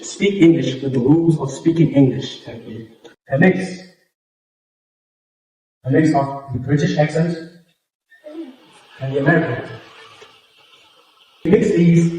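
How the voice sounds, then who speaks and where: A man's voice: on the high side, mellow, recorded from a distance, slight background noise. Man with a Xhosa accent, echoey room. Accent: South African Xhosa. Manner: explanatory, repeats points, demonstrates as he goes. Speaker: public speaking coach. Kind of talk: workshop teaching talk.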